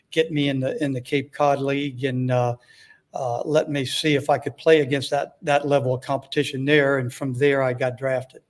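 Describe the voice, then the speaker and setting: An older man, a former baseball manager, tells stories in a casual, rambling way as a podcast guest, with many fillers and self-deprecating humor. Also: mid-range voice. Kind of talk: casual storytelling interview.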